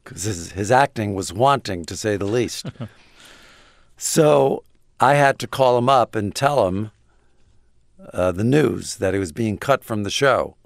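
An older man telling anecdotes as an interview guest in a wry, halting way, on a studio microphone. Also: on the low side, vocal fry, no room sound.

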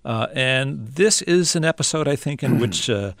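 A man hosting a radio interview in a measured way, introducing clips on a studio microphone. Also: mid-range voice, lively intonation, vocal fry, fairly bright tone, no echo.

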